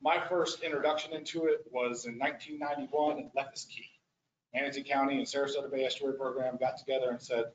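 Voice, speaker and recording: A man's voice: medium pitch, fairly even intonation, fast, slight background noise. A man, a restoration practitioner, giving a casual, rambling presentation at a board meeting, with many restarts. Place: meeting room. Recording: echoey muffled meeting room audio.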